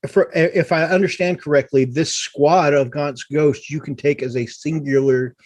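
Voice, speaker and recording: A man's voice: fairly high pitch, fairly even intonation, moderate pace, a little mellow, no echo. A man co-hosting a casual gaming live stream, explaining game stats and rules step by step. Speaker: co-host of a tabletop gaming live show.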